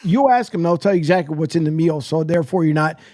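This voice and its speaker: High-voiced man, dry studio banter. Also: fast talker, no room sound. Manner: laughs often, animated storytelling. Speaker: co-host. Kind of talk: casual sports radio banter.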